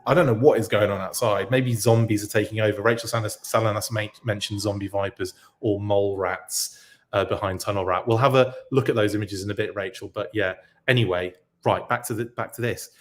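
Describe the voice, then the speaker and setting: A man's voice: on the low side, fairly even intonation, brisk. Chatty, rambling man hosting a live stream. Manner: rambling, chatty, self-interrupting. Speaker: podcast host reacting live. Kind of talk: live-stream chat, reading comments.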